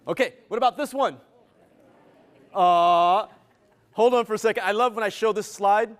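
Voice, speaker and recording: Male motivational speaker with a high voice, working a live crowd playfully. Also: normal speed. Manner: energetic, playful, teasing the audience. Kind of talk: interactive live keynote. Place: event venue with a live audience.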